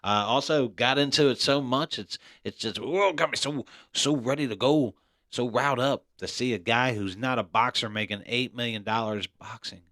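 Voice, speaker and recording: A man's voice: mid-range voice, normal speed, bright, forceful tone, dry recording, studio quality. A man hosting a casual podcast, talking bluntly, cursing freely and tossing in "man" all the time. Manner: blunt, profane, keeps saying "man". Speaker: podcast host.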